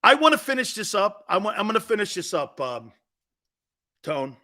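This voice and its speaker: A man hosting a sports talk show, ranting loosely and acting out his own stories with brash, animated energy. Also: high voice, normal speed. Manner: brash, animated storyteller, acts out dialogue. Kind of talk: loose sports radio rant.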